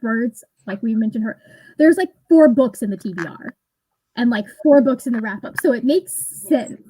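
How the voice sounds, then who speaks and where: A woman's voice: fairly high pitch, animated, moderate pace, warm tone, husky, low-quality recording. A woman in her thirties hosting a casual online reading session, rambling and laughing often as she chats. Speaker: booktube host. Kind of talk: casual livestream chat.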